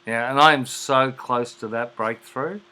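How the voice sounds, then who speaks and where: A man with a bright, forceful voice at a middling pitch, chatting casually. He shares jokes eagerly and laughs loudly at them. He talks in an open, chatty way. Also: measured pace, poor audio. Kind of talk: casual chat.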